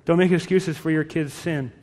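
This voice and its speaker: Emphatic, fairly high-voiced male pastor. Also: steady tone, moderate pace, darkish tone, long reverb tail, a little hiss or hum. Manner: direct, emphatic, storytelling. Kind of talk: sermon.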